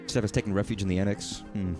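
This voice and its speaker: A man's voice: fairly low pitch, steady tone, rapid-fire, warm tone, soft background music. A man from Texas streaming, rambling casually, joking and swearing as he talks.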